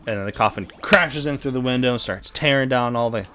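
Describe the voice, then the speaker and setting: Heavy background noise surrounds this young podcast co-host, whose medium-pitched voice moves a little fast. He rambles through a lengthy comic story in casual conversation, frequently restarting sentences and voicing the characters.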